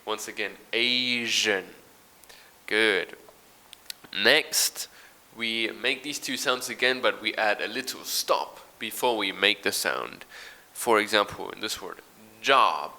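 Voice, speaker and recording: Guy teaching english sounds, talks slow and patient, demonstrates each one. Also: on the low side, creaky, bright, forceful tone. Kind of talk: recorded pronunciation lesson.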